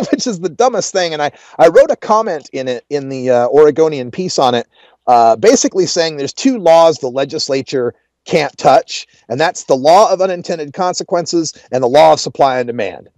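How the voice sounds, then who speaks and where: A man's voice: on the high side, lively intonation, moderate pace, a little mellow, no echo. A man with a Pacific Northwest accent hosting a show, chatting casually with sarcastic asides. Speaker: host. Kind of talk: casual radio commentary.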